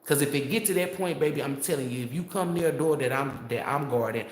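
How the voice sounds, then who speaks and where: A man in the middle of a tarot reading, talking at an ordinary pitch in a heated, profane, rambling way. His voice bounces around a noticeably echoey room. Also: fast. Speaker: tarot reader.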